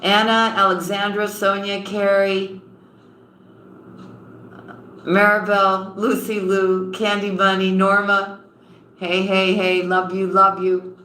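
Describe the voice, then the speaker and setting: A woman reading tarot on a live stream and warmly greeting viewers, calling them honey and sweetheart. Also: medium pitch, flat delivery, slow, long pauses, slight background noise. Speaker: tarot reader. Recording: roomy echo with faint ambience.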